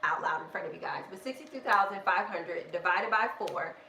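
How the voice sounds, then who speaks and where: Woman, casual live-stream rant, animated, self-interrupting, bright tone, roomy echo, faint noise behind. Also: lowish voice, a little fast. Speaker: budgeting vlogger hosting a live stream. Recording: echoey room with faint background noise.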